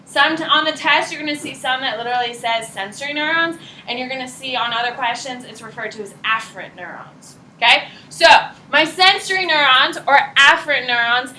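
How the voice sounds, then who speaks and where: High-voiced animated woman teacher. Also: a little fast, few pauses, slight background noise. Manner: animated, chatty, checks in with students. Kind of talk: classroom lecture. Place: classroom. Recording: roomy classroom echo.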